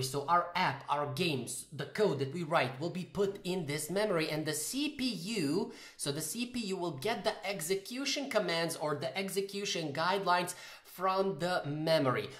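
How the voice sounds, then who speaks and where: Casual man teaching code in a roomy room. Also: a little high. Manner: casual, thinks aloud, corrects himself while typing code. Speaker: programming tutor. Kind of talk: screen-recorded coding tutorial.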